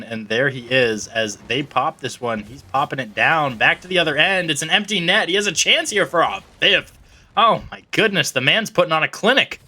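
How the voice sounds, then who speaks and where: A man's voice: fairly high pitch, lively intonation, normal speed, bright, forceful tone, husky. A man calling an esports match play-by-play, joking with his co-caster. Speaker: esports commentator. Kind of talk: play-by-play commentary.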